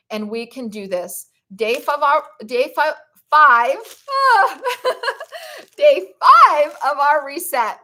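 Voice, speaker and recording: Gushing, bright-voiced woman streamer. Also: on the high side. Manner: warm, gushing, emotional, gets choked up; reads viewer comments aloud to the chat. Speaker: vlogger hosting a live stream. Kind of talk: casual live-stream chat.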